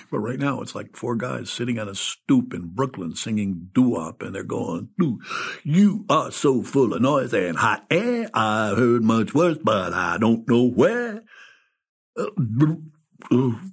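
A man's voice: medium pitch, creaky, slightly rough. An actor playing an ill, older male screenwriter, rambling and sighing through a wry, desperate inner monologue. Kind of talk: audio drama with inner monologue.

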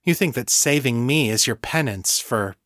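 A man's voice: mid-range voice, moderate pace, no room sound, studio quality, natural voice. Man reading a grave, blunt pregnant girl. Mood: flat. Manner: grave, quiet, flat.

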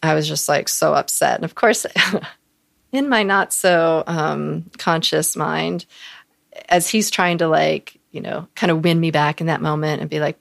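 A woman co-hosting a podcast, recounting a personal story with lots of fillers. Her voice sits low with a gravelly fry. She acts out the voices of others as she talks. The sound is close and dry. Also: moderate pace, no room sound. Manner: animated, acts out quoted voices, frequent fillers. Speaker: podcast co-host.

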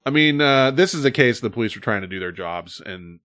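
A man's voice: mid-range voice, brisk. Man telling stories in casual chat. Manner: animated storytelling, acts out quotes. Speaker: podcast host.

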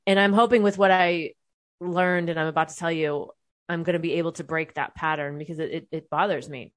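A woman's voice: on the low side, steady tone, a little fast, no room sound. A young adult woman telling a personal story to her viewers, candid and conversational, swearing freely and restarting her sentences often. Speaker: vlogger.

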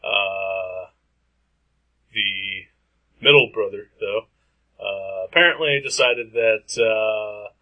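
A man with a nasal, stuffy-nosed voice co-hosting a casual podcast chat, rambling with lots of pauses and fillers. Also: lowish voice, narrow, tinny audio. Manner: rambling, hesitant with frequent fillers. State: stuffy nose. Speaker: podcast co-host.

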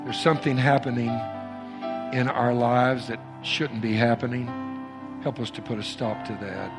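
Emphatic preaching man over soft music. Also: medium pitch, fairly even intonation, normal speed. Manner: emphatic preaching with repeated phrases. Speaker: pastor. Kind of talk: sermon and closing prayer. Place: church. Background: soft instrumental music.

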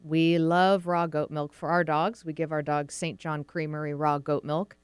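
A middle-aged woman with a Pacific Northwest American accent hosts a dog show, chatting casually and slipping into little acted-out voices. Her voice is smooth and a touch low. It is recorded close and dry. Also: little pitch movement, moderate pace, dry recording. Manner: chatty, acts out quoted voices of dogs and owners. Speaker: podcast host, dog trainer. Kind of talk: casual explanatory talk.

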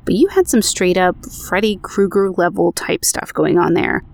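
Low-voiced woman reading ghost stories. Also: moderate pace, gravelly. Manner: conversational, self-deprecating asides. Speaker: podcast host. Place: home recording booth.

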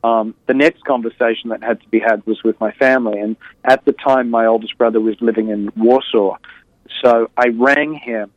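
A man's voice: mid-range voice, steady tone, moderate pace, dry recording. Reflective man on a tinny line. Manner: reflective, with frequent fillers and restarts. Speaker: interview guest. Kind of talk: candid personal storytelling.

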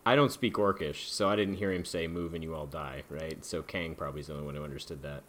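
Deep-voiced man playing a tabletop game. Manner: animated, jokey, quick bursts of excitement. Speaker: player. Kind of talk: casual tabletop play.

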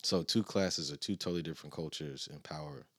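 A man co-hosting a casual podcast chat, relaxed, reading out definitions between jokes. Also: rumbling low, brisk, dry recording, clean studio sound. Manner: reads definitions aloud, laid-back. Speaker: podcast co-host.

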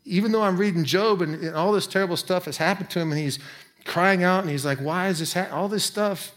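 A man's voice: high voice, a bit bright. Man preaching a conversational sermon. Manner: conversational preaching with quick asides. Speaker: pastor.

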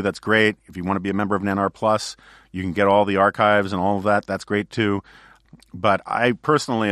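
A man with a fairly low voice hosts a podcast in loose, casual chat. He rambles through anecdotes with plenty of fillers and restarts. The sound is dry and close, with no room echo. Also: fairly bright tone. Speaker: podcast host.

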